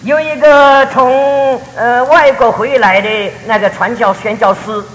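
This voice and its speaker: A man preaching a sermon in short storytelling phrases, pausing for an interpreter. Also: very high voice, fairly even intonation, fairly bright tone. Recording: roomy hall reverb with faint noise.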